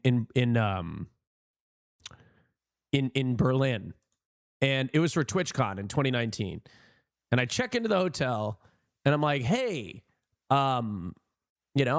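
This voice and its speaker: Animated high-voiced man streaming. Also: no echo, clean studio sound. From United States. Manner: animated, opinionated, talks to chat. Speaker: livestreamer. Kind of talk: casual chat with viewers.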